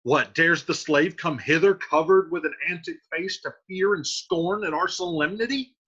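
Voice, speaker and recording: A man's voice: a little high, normal speed, pushed and bright, breathy edge, lo-fi sound, pitched above the performer's own voice. A man voicing a hot-tempered young nobleman itching for a fight, declaiming his lines with fierce indignation. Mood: furious.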